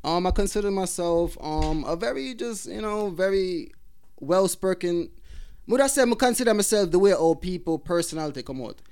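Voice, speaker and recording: A man's voice: high-pitched, animated, moderate pace, a little mellow, smooth. A man with a Jamaican accent, a guest musician chatting casually in a podcast interview, laughing and apologetic. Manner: laughing, apologetic, patois-heavy.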